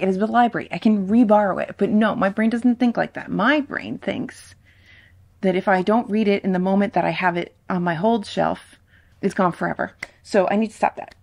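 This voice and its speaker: A woman's voice: medium pitch, vocal fry, a little mellow. A woman booktuber chatting to camera about her reading goals in a casual, self-mocking and emphatic way, recorded at home on a sensitive condenser mic. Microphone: ASMR-style condenser mic.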